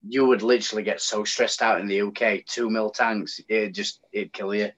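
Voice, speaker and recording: A man with a lowish voice and an English accent, from the UK, talks at normal speed as a guest in casual conversation. His delivery is an animated, heartfelt rant, and the sound quality is dull and lo-fi.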